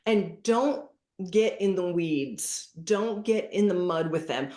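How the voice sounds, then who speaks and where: A middle-aged woman giving parenting advice as a podcast guest, lively and acting out what to say to kids. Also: fairly low pitch, slow. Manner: animated, acts out dialogue with kids as examples. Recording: roomy echoey room.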